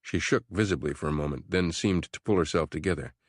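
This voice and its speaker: A man narrating a horror audiobook in a measured, steady storytelling voice. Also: very deep voice, no room sound, studio quality.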